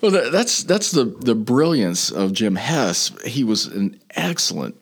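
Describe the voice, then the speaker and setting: A man's voice: medium pitch, very animated, a little slow. A man hosting a casual radio conversation, chatty and enthusiastic. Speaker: radio show host.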